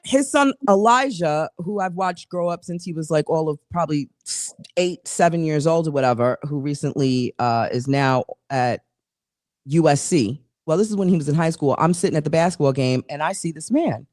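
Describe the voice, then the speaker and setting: A woman's voice: sits low, moderate pace, dry recording, clean studio sound. A woman co-hosting a casual talk show, telling a long, rambling story full of restarts and asides. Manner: animated, rambling, restarts stories. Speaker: co-host.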